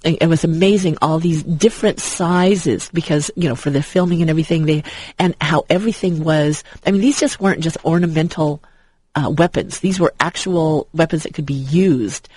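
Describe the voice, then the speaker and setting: Husky, rambling enthusiastic man. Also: a little high, moderate pace, darkish tone, low-quality recording. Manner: rambling, with many restarts and fillers. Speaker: guest. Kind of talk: enthusiastic fan chat.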